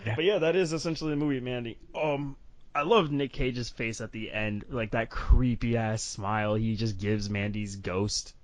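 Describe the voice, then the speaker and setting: A man's voice: medium pitch, fairly even intonation, normal speed. A man co-hosting a casual movie review chat, commenting in a laid-back, amused way. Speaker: podcast co-host.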